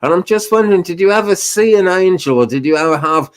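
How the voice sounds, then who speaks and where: A man's voice: high-pitched, lively intonation, fast talker. A man, a guest medium, chatting casually on a live stream, hesitant and searching for words. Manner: hesitant, many fillers and restarts, laughs softly.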